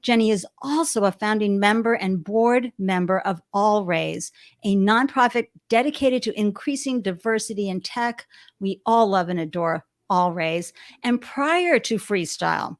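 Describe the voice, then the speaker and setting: A woman's voice: medium pitch, unhurried. Effusive woman hosting a live show. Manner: effusive, gushing, shouts out viewers. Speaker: show host. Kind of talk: live-stream interview show. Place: home studio with balloons behind.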